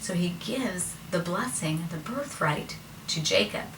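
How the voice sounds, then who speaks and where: A woman's voice: lowish voice, expressive, unhurried, fairly bright tone. A woman retelling a Bible story in a casual, conversational way with chatty asides. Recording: roomy, distant mic, faint noise.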